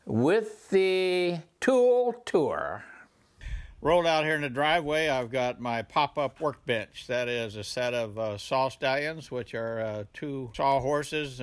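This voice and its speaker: An older man with a Southern accent giving a rambling, folksy tour of his home garage workshop, pausing often with "uh". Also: medium pitch, fairly bright tone, clear, resonant tone. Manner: rambling, folksy, many "uh" pauses. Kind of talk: casual tool tour.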